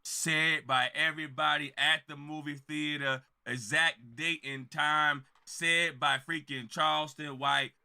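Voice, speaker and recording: A man reacts on camera with loud, laughing energy and keeps repeating the best lines back. His voice sits a little high and comes across very bright and sharp. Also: fairly even intonation, a little slow, vocal fry, hardly any pauses. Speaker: reaction video host. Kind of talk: excited reaction commentary.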